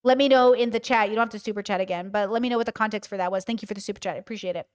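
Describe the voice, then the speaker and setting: A woman livestreaming, telling stories and giving commentary in an emphatic, animated and blunt way, with frequent swearing. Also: mid-range voice, racing. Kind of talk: casual livestream storytelling and commentary.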